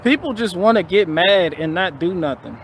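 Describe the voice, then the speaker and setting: On a casual live stream, a man whose voice is notably high holds forth at normal speed, sounding expressive. His rant is blunt and profane, full of repetition and restarted phrases, with a faint noise hiss beneath it.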